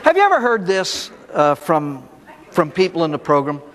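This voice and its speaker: A man's voice: on the high side, huge pitch swings, normal speed, fairly bright tone, some chatter behind. A man, a priest, giving a recovery talk to an audience, telling folksy stories and asking rhetorical questions. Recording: echoey hall recording.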